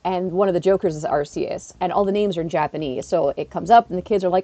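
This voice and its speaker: A young woman streamer chatting casually to her live-stream viewers, acting out quoted people in an animated way and laughing often. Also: quick pace, few pauses, dry recording. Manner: animated, acts out quotes with big pitch jumps. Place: living in Japan.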